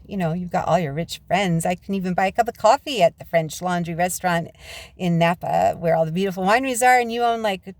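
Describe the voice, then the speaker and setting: A woman's voice: mid-range voice, a little mellow. A woman vlogging from inside her parked car on a handheld phone, talking in a chatty, rambling monologue that drifts into rants and digressions, with frequent laughs. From United States. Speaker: vlogger and author.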